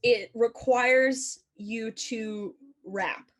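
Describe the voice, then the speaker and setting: A woman's voice: a little high, steady tone, very slow. Giggly young woman co-hosting a podcast. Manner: giggly, playful, drops to mumbles. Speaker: podcast co-host. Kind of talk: casual chat.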